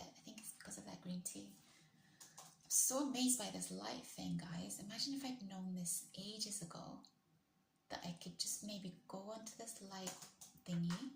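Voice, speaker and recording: A woman's voice: on the low side, vocal fry. A woman chatting casually on a livestream as host, rambling and asking her viewers questions. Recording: echoey room with faint noise.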